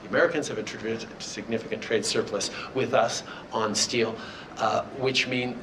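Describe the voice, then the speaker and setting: A man's voice: medium pitch, fairly even intonation, moderate pace. A man answering press questions, stumbling and restarting through his words. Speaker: politician. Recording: distant clip with heavy background noise.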